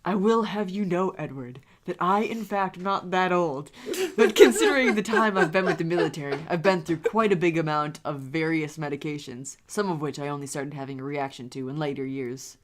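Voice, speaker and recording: Brief: woman reads a composed male officer, low pitch, smooth and measured delivery. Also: animated, a crowd in the background.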